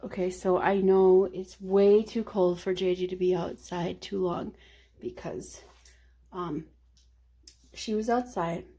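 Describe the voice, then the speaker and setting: A woman's voice: on the low side, fairly even intonation, slow pace, mellow. A woman chatting casually to the camera from home, rambling between topics and sometimes dropping to a whisper. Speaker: vlogger. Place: at home, working from home.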